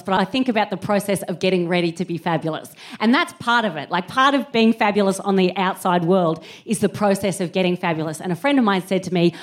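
A woman in her thirties performing a stand-up comedy routine on stage, telling an animated story. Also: medium pitch, brisk. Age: 30s. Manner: animated storytelling with put-on voices and scat singing. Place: live venue with an audience.

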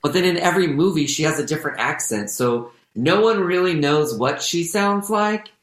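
A man's voice: fairly high pitch, expressive, moderate pace, fairly bright tone. A man chatting casually as a podcast co-host, rambling with many fillers and restarts. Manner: rambling, full of fillers and self-corrections. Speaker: podcast co-host and stage performer. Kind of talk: casual chat. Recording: echoey room.

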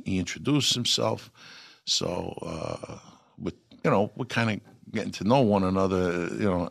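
An older man, an actor telling lively anecdotes in an interview and acting out the lines he quotes. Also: on the low side, vocal fry, slightly rough, no room sound, clean studio sound. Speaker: actor guest. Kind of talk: storytelling interview.

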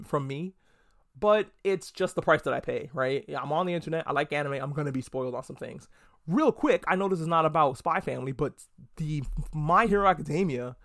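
A man's voice: fairly high pitch, no echo, studio quality. A young man hosting a solo anime review podcast, talking casually with lots of swearing and jokey acted-out quotes. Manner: animated, profane, jokey, acts out quotes.

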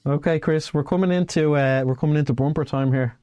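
A man hosting a casual podcast, reading verse in a slow sing-song and chatting with his co-host. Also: on the high side, warm tone, no echo. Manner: reads a nursery rhyme in a slow sing-song. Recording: dry close mic with faint music behind.

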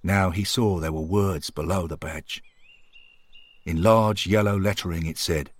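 A man narrating a scripted story in a calm, measured, earnest way. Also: sits low, dry recording. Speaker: podcast storyteller.

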